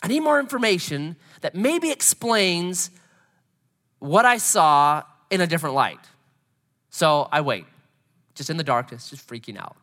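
Bright-voiced preacher man in an echoey hall. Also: fairly high pitch, a little slow, pauses often. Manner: animated, conversational preacher who acts out scenes. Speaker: pastor. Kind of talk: sermon with storytelling. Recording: long hall reverb.

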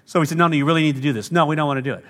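A man's voice: on the high side, rapid-fire, fairly bright tone. A man preaching a sermon as lead pastor, telling stories and acting out the voices of people he quotes. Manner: storytelling preacher, acts out quoted voices, laughs now and then. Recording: long hall reverb.

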